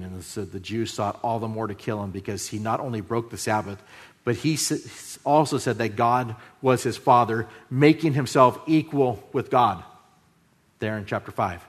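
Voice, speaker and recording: A man preaching a sermon, moving between loud emphasis and hushed, drawn-out phrases. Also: lowish voice. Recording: long hall reverb.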